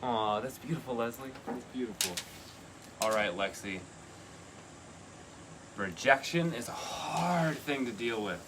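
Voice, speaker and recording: A man giving a live tarot reading, chatty and earnest, with sudden excited bursts. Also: medium pitch, measured pace, long pauses, noisy background. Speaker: tarot reader.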